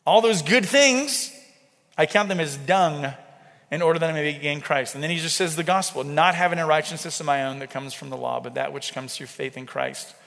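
A man's voice: fairly high pitch, normal speed, vocal fry, fairly bright tone. A man in his thirties preaching a sermon, conversational and often checking in with the congregation. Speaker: pastor. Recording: reverberant hall.

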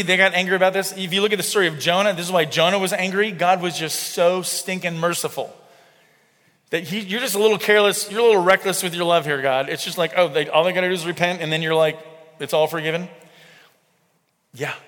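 A man's voice: sits high, pushed and bright. A man in his thirties preaching a sermon, conversational and often checking in with the congregation. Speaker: pastor. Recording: reverberant hall.

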